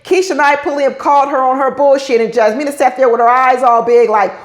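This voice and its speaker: A woman's voice: high-pitched, steady tone, fairly quick, echoey room. A woman giving a casual, opinionated recap of a reality show, scolding the cast directly.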